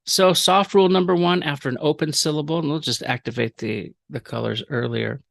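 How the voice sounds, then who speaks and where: A man teaching a recorded language lecture, explaining rules with fillers and repeating example words slowly. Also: a little high, creaky, no echo. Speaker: professor.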